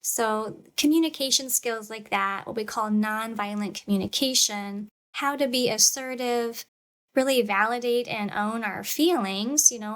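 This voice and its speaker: A woman gives a parenting lecture in a calm, measured way, with a voice that sits a little high. She is a parent herself and now and then voices the words a parent might say to a child. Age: adult parent. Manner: calm, measured, demonstrates parent scripts aloud.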